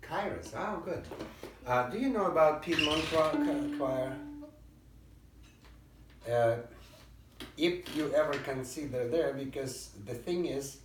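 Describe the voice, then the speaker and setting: A man's voice: a little high, slow, long pauses, noisy background. A man teaching a violin lesson, singing rhythms and calling out commands over the playing. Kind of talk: private music lesson coaching. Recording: roomy and distant, violin playing behind.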